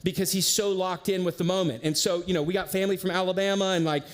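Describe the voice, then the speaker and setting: A man preaching a sermon as pastor, in a casual, conversational way with slang and lively storytelling. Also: sits high, fast. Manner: animated storyteller.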